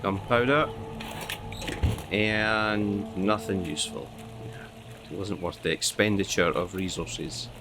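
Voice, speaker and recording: A man's voice: low voice, steady tone, takes it slowly, pauses often, music in the background. A man giving casual gameplay commentary, muttering to himself with dry asides and the odd curse. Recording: noticeable background noise.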